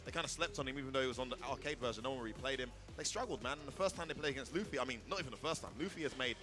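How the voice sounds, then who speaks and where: A man's voice: mid-range voice, very fast, over music. A man doing casual live esports commentary, full of cheeky, joking banter with his co-caster.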